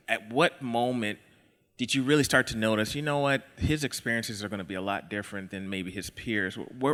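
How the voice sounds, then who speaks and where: Low-pitched man hosting casually. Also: big-room sound. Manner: casual, relaxed, a little halting. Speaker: podcast host. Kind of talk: conversational podcast interview.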